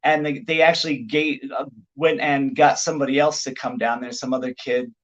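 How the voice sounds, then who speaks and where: A middle-aged man, a pro wrestler guest on a podcast, telling anecdotes in an animated, casual way with lots of "like" fillers. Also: mid-range voice, a little fast, dull audio.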